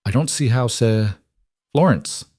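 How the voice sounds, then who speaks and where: Scared young waitress w italian accent, hushed and tense, a bit higher as a guy reads her. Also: unhurried, no room sound, studio quality, natural voice. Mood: guarded. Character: young woman waitress hiding her past, frightened.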